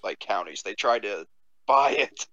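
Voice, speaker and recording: A man's voice: fairly low pitch, expressive, unhurried, pushed and bright, no echo, muffled recording. Man, podcast co-host, rambling, eager, dry close mic. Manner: rambling, eager to share odd facts. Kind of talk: casual crude banter.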